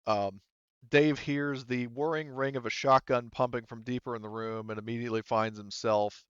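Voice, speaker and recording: A man narrating as game master of a tabletop role-playing game, halting often with ums while he describes scenes and rulings. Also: medium pitch, steady tone, smooth, no room sound, dull audio.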